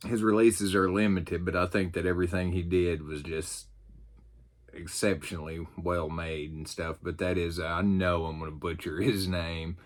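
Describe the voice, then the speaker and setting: Low-voiced man with a Southern US drawl. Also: flat delivery, moderate pace. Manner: rambling, many fillers and restarts. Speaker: YouTube host. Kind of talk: casual unboxing chat.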